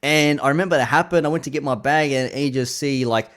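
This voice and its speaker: A man hosting a casual chat about club nights, relaxed, swearing freely and laughing often. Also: a little high, fast. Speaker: podcast host and DJ.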